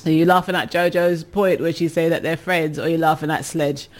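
A woman hosts a casual radio advice show, reading listener messages and teasing the senders with laughter. Her voice is low and flat in delivery, moving fairly quickly.

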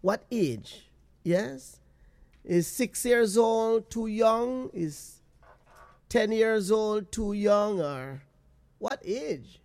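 A man hosting a talk radio call-in show, asking slow, probing questions. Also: sits high, a little mellow.

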